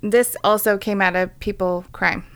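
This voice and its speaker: A woman's voice: mid-range voice, fairly even intonation, normal speed, fairly bright tone, clean tone. A woman co-hosting a casual podcast, reading a crime story aloud and breaking off with blunt, irreverent asides. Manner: irreverent, swearing, reads news then jokes. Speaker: podcast co-host.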